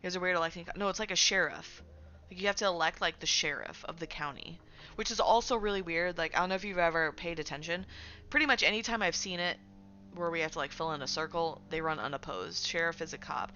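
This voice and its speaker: Woman, game streamer, casual profane rant, lowish voice, dull lo-fi recording. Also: fast, bright, forceful tone, faint music behind. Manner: profane, ranting, filler-heavy. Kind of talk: casual chat while gaming.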